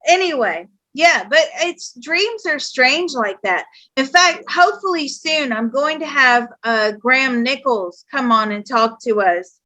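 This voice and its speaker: A woman psychic host with a high, bright voice, chatting casually. She tells her stories in an animated, lively way and laughs often. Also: a little slow. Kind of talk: casual chat.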